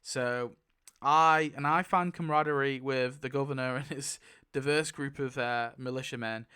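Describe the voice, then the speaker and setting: Man putting on a blunt biker brother, stern and lecturing, bright, clear tone. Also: medium pitch, fairly even intonation, normal speed, close to an everyday voice. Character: blunt adult male biker turning on his brother.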